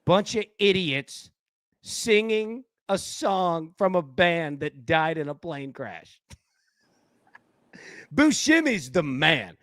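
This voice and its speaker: A man hosting a live betting stream, talking in a fairly high voice into a dry, close microphone. He keeps things loose and jokey, laughing often between his picks and his film talk. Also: very animated, very slow, a bit bright, dry recording. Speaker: sports betting show host. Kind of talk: casual live-stream chat.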